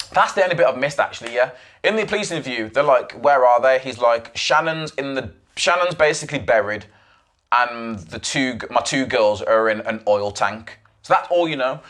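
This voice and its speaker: A man's voice: medium pitch, fairly bright tone. A young man hosting his own podcast, retelling events at length in an emphatic, rambling way with frequent restarts and asides. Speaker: podcast host. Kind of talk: solo podcast monologue.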